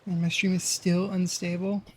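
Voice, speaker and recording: A man's voice: high-pitched, flat delivery, normal speed, a little hiss or hum. A man streaming a game live, rambling to himself and swearing as he plays. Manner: rambling, swears, talks to himself while playing. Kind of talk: live gameplay commentary.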